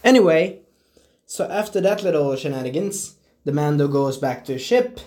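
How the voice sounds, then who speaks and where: Excitable young man with a lively voice. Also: fairly high pitch. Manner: excitable, swears, acts out scenes in quick voices. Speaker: show reviewer. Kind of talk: casual spoken review.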